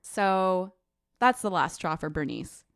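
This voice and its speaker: A woman co-hosting a casual book podcast, chatty and quick to laugh. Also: lowish voice, lively intonation, smooth, dry recording, clean studio sound. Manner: chatty, giggly. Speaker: podcast co-host.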